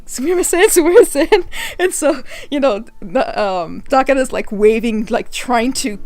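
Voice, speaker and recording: A woman's voice: fairly high pitch, unhurried, faint music behind. Giggly woman telling a story. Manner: animated, laughs often, acts out quotes. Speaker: vlogger. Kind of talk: casual storytelling vlog.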